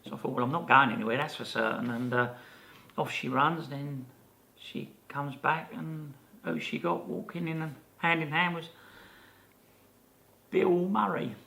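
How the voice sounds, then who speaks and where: Older man, podcast co-host, gravelly and bright-toned, chatty storyteller. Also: fairly high pitch, a little slow. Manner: animated anecdote teller, many fillers and restarts. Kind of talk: casual storytelling chat.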